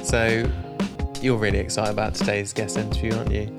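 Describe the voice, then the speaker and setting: A man's voice: on the low side, flat delivery, fairly quick, over loud music. Teasing man podcast host. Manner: joking, teasing, playful. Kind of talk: casual comedic podcast banter.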